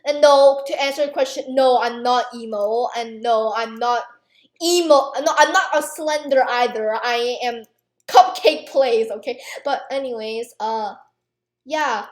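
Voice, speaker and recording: Playing a game on her channel, a teen girl YouTuber goes on a rambling, chatty rant, poking fun at herself and stuffing it with fillers. Her pitch is fairly high, her pace measured, and the recording sounds roomy.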